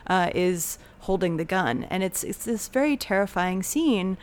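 A woman's voice: mid-range voice, animated, unhurried. Woman cohost on a movie podcast, mid voice, dry teasing comments. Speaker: podcast co-host. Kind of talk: casual chat.

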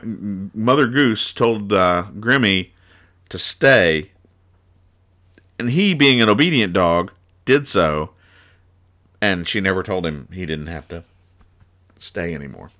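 Bright-voiced man riffing sarcastically on comics. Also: on the low side. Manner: rambling, sarcastic, chuckling asides. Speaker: podcast host. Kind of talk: casual comedic comics review.

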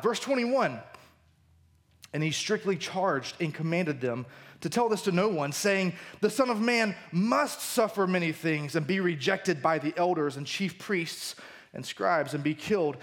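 A man's voice: a little high, expressive, measured pace, a bit bright. A man preaching a sermon as pastor at a church service, reading scripture and explaining it in a conversational, emphatic way.

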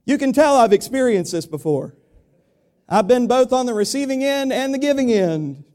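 A man preaching a sermon to his congregation, speaking conversationally and asking them rhetorical questions, building up in volume and then dropping to a quiet, confiding tone. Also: extremely high pitch, lively intonation, moderate pace. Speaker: pastor.

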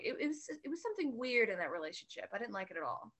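A woman's voice: fairly high pitch, very animated, rapid-fire, fairly bright tone. A woman who works as a bartender, chatting casually as a podcast guest, telling stories candidly and laughing often.

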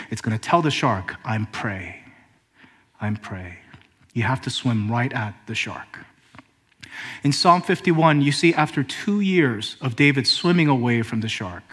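Pastor, male, slightly high-pitched, preaching with pauses and building emphasis. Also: fairly bright tone. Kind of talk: sermon.

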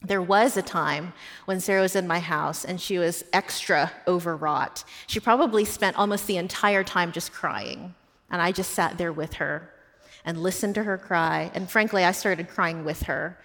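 A woman's voice: lowish voice, moderate pace. A woman pastor telling personal stories in a sermon, earnest and heartfelt. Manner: personal storytelling, warm and earnest. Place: church. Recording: long hall reverb.

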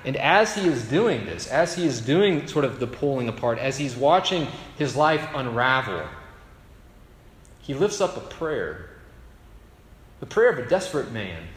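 Male preacher, mid pitch, storytelling sermon, long hall reverb. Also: expressive, moderate pace, slight background noise. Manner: storytelling, conversational with rhetorical asides. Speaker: pastor.

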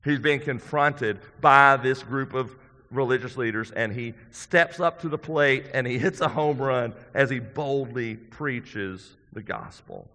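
A male pastor preaching a sermon in a church, earnest and conversational, building to emphatic points and dropping to quiet ones. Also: mid-range voice, unhurried. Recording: long hall reverb.

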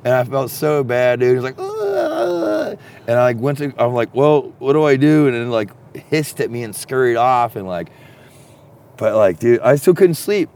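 A man telling a long story in a profane, rambling, casual way that turns animated when he gets excited. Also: mid-range voice, normal speed. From Texas.

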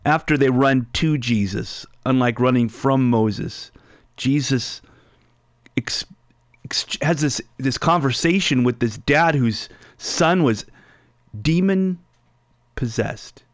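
A man's voice: medium pitch, takes it slowly, dry recording, clean studio sound. A man preaching a sermon, reading scripture aloud and explaining it line by line. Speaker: pastor.

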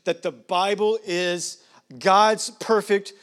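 A man's voice: high voice, steady tone, takes it slowly, fairly bright tone. A man preaching a sermon as pastor, talking casually with digressions and leaning hard on statistics. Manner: conversational, digressing, emphatic on numbers.

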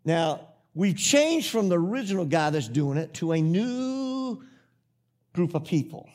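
Guy preaching, pretty high voice, rambles a story then hammers his points over and over. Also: big pitch swings, measured pace, darkish tone. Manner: rambling storyteller, building to emphatic repetitive preaching. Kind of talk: sermon.

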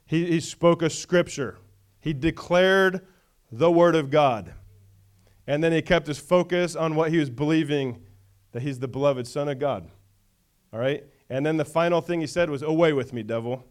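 A man's voice: on the high side, normal speed, clean tone. A male pastor preaching a conversational sermon, often checking in with the congregation.

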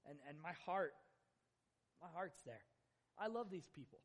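A young man preaching as guest pastor in a church, his voice a little high for a man. He is earnest and halting, stumbling over restarts as he talks. A long reverb tail hangs after each phrase. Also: animated. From Northern Utah, USA. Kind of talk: sermon. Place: church sanctuary.

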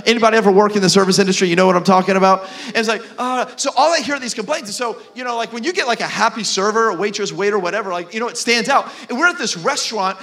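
A man preaching a sermon as pastor, casual and animated, with lots of fillers while telling stories. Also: sits high, rapid-fire. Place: church.

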